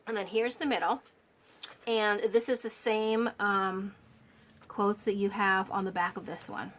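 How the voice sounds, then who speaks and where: A woman gushes softly over a handmade journal in a home craft space, filmed by a camera on a stand. Her voice is a little worn, and her talk is full of fillers and restarts. A faint hum of room noise sits behind her. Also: medium pitch, steady tone, unhurried. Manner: gushing, admiring, with fillers and restarts. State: slightly losing her voice. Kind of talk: casual show-and-tell walkthrough.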